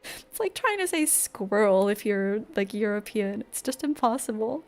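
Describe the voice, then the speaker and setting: A young woman gaming streamer chatting casually through her play, exclamatory and quick to laugh. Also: medium pitch, big pitch swings, soft background music. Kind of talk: casual gameplay commentary.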